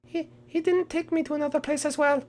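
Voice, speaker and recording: A woman's voice: steady tone, a little fast, a little mellow, close to an everyday voice. A woman playing a melodramatic, vengeful black cat boy. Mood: aggrieved. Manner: melodramatic, shrieking outbursts and low menacing mutters. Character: dramatic vengeful young male black cat. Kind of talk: improvised game role-play.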